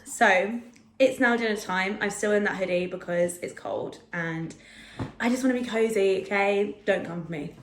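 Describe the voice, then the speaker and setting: A woman's voice: medium pitch, normal speed, slight background noise. A young woman in her twenties casually chatting to camera in a food vlog, self-deprecating and full of fillers. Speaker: food vlogger. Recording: echoey home room.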